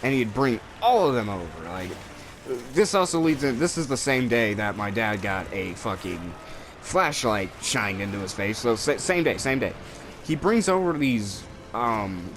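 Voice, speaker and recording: A man's voice: mid-range voice, background noise. A young man casually telling stories while playing a video game, swearing a lot and rambling. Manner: profane, rambling, animated storytelling with raised voices for quotes. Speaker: co-host of a gaming video. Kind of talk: casual storytelling while gaming.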